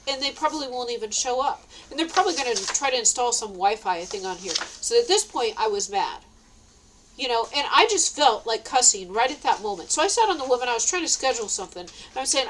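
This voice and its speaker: A woman's voice: fairly high pitch, expressive, brisk, a bit bright, slight background noise, low-quality recording. A middle-aged woman ranting to camera, agitated and swearing, rambling with many restarts. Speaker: vlogger.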